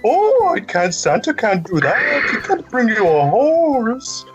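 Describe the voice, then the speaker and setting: A woman putting on a jolly old Santa Claus voice, with drawn-out ho-ho-hos, on a muffled lo-fi recording. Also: huge pitch swings, soft background music, exaggerated voice. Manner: drawn-out booming ho-ho-hos in a put-on voice. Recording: muffled lo-fi podcast audio.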